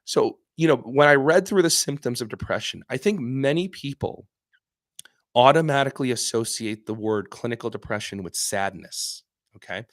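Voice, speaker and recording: A man's voice: medium pitch, expressive, normal speed, no echo, clean studio sound. A man hosting a casual live stream as a doctor, talking earnestly and with emphasis, often repeating and restarting his phrases. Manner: acts out patient voices in quotes. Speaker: psychiatrist host answering viewer questions.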